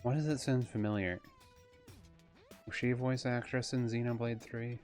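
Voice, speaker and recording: A man streams a video game live, rambling and musing aloud in casual commentary. His voice sits at a middle pitch and his mic is soft. Loud game music plays over him. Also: steady tone, moderate pace.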